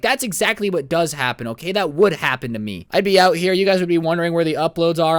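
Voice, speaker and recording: A young man telling a story for a vlog in a joking, animated way, acting out the dialogue. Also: fairly high pitch, no echo, studio quality.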